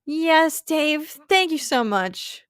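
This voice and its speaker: A woman's voice: high voice, expressive, takes it slowly, a bit bright, dry recording, clean studio sound. A young woman hosting a casual live stream, gushing and laughing often as she thanks viewers and rambles with fillers. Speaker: livestream host.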